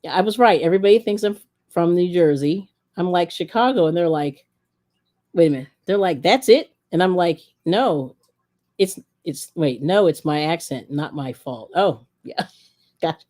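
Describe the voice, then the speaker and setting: A woman's voice: on the low side, lively intonation, normal speed, warm tone. A woman hosting a casual cooking live stream, reading viewer comments aloud in a chatty, rambling way and giggling often. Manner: chatty and giggly, laughs often between remarks; rambling, with many fillers and restarts.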